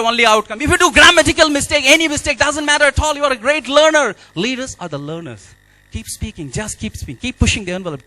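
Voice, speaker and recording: A man's voice: very high-pitched, bright, forceful tone, no room sound, poor audio. A man giving a motivational speech, emphatic and repeating key phrases. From India. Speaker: speaker at an awards event.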